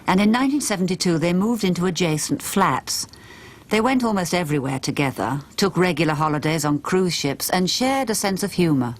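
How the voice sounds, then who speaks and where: A woman giving scripted documentary narration in a measured, even way. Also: lowish voice.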